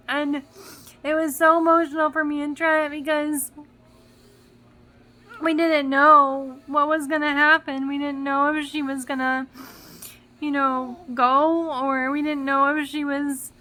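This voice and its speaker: Young mom vlogger, high and bright, talks in emotional, rambling bursts on the verge of tears. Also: female voice, little pitch movement, unhurried. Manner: emotional, rambling with many fillers and restarts. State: close to tears. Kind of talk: casual vlog talk.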